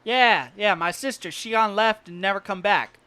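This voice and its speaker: A man voicing the rough, territorial son of a caravan driver, who speaks bluntly and drops his grammar. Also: high voice, normal speed, pushed and bright, no room sound.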